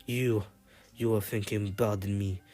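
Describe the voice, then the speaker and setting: A man's voice: fairly low pitch, steady tone, moderate pace, mellow, lightly acted. A man voicing a remorseful female ninja leader who blames herself and apologizes. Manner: apologetic, self-blaming.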